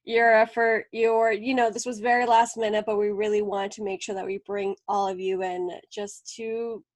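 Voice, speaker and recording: A woman's voice: mid-range voice, level tone, normal speed, dry recording. Woman, podcast co-host, emotional, searching for words, dry close sound. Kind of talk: casual podcast wrap-up.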